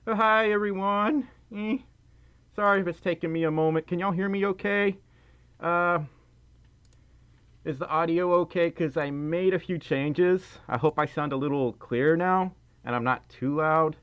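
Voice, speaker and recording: A man's voice: fairly high pitch, fairly even intonation, a little slow, a bit bright, smooth. A man hosting a casual livestream, rambling and self-deprecating while fiddling with his audio. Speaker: livestream host.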